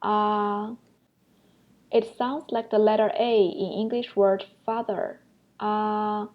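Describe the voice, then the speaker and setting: A woman's voice: a little high, steady tone, normal speed, highs cut off. Patient young woman teaching a lesson. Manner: patient, explanatory, demonstrates sounds aloud. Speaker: language teacher. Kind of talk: online language lesson.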